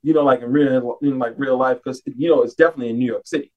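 A man's voice: medium pitch, fairly even intonation, fast, distant mic, lo-fi sound. Easygoing male podcast guest. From United States. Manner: loose, filler-heavy, heartfelt. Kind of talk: casual podcast chat.

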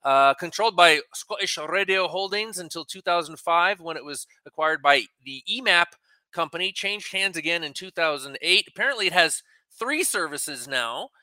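A man co-hosting a radio talk show, reading news and history from notes in a chatty way with quick asides. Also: fairly high pitch, expressive, pushed and bright, no echo.

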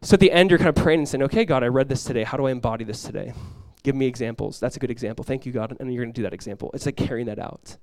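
A male pastor preaching in a conversational sermon style, dropping to a hushed voice when acting out prayers. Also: medium pitch, racing, few pauses, no echo, clean studio sound.

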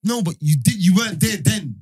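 A young man telling a story in casual chat, animated and full of slang fillers. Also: high voice, a little fast, breathy edge.

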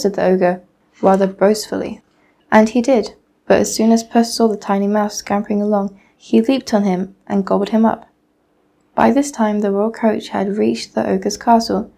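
A teenage girl reads a fairy tale aloud at a steady, measured pace. Her voice is dark and mellow, with a gravelly creak at the ends of phrases. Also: medium pitch. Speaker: student reader. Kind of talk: storybook reading.

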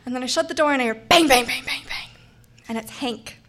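Animated bright-voiced young woman storyteller. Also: sits high, brisk. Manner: animated, acts out quoted voices, laughs often. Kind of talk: live personal storytelling.

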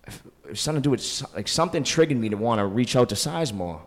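A man, a podcast guest, telling a story in casual conversation, swearing a lot and acting out the people he quotes. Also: mid-range voice. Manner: fast, profane, animated, acts out quotes.

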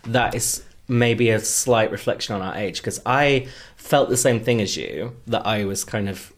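A man in his thirties with a Geordie accent, co-hosting a comedy podcast in giggly, rambling casual chat. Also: on the low side. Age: 30s. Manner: giggly, rambling, quick asides. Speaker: podcast co-host.

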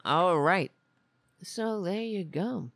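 Podcast host, casual political commentary, lively swooping pitch, slow delivery, blunt rambling talk. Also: no room sound, faint music behind. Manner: blunt, rambling, with many restarts. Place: lives in Queens, New York.

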